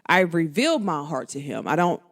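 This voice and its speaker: A woman's voice: sits low, brisk. A woman hosting a podcast, talking frankly to her listeners in casual slang and acting out bits of remembered dialogue. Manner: expressive, frank, slangy, acts out quoted dialogue. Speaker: podcast host. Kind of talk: candid monologue to listeners.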